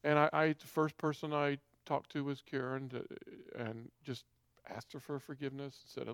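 A man's voice: medium pitch, steady tone, moderate pace, clean tone, no room sound, studio quality. A middle-aged man telling a personal testimony in an earnest, confessional, conversational way. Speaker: speaker giving a personal testimony.

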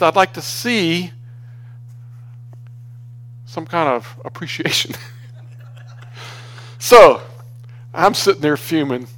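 A man preaching in a conversational storytelling way, often restarting his sentences. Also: a little high. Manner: conversational, restarts often, grows animated when exasperated. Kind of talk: storytelling sermon.

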